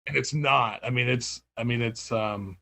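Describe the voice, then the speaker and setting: A man's voice: mid-range voice, moderate pace, vocal fry, sharp tone. A man in casual interview chat, talking about running his record label, rambling with many fillers, restarts and laughs. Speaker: label owner and music writer.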